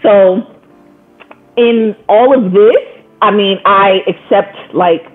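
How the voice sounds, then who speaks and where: A woman's voice: mid-range voice, takes it slowly, slightly rough. A woman guest on a podcast, telling her story in casual conversation and acting out the voices she quotes. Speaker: guest, coaching client. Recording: tinny phone-like line.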